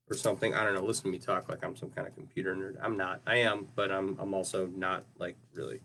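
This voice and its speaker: A man's voice: low-pitched, flat delivery, quick pace, vocal fry, few pauses, bright, forceful tone. A man casually talking through his craft work on a livestream, rambling and often ending sentences with "right?". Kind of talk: casual livestream talk while working.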